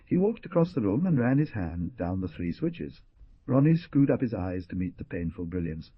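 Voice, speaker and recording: An expressive male narrator reads dramatically, his low, husky voice rising and falling a lot. The recording is dry and dull, with a lo-fi band. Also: normal speed, dry recording. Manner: expressive, theatrical. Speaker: audiobook narrator.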